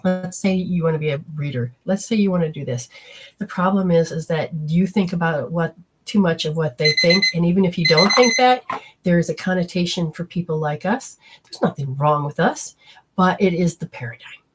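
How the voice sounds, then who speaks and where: A woman hosting a show as a psychic medium, talking casually and bluntly as she passes on spirit messages in quick, fragmented bursts and swears freely. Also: lowish voice, breathy edge.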